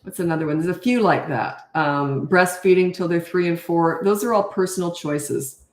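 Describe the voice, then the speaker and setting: A woman's voice: fairly low pitch, normal speed, roomy sound. An older woman coaching parents, answering viewer questions in a blunt, emphatic way and repeating her key points.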